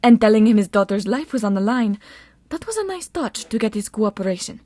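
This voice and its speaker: A woman's voice: mid-range voice, big pitch swings, a little fast, warm tone, no echo. A haughty, scheming sorceress, as a woman reader puts her on talks down to everyone with a sneer. Her voice is condescending and mocking. The sound is dry and close. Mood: silky scheming.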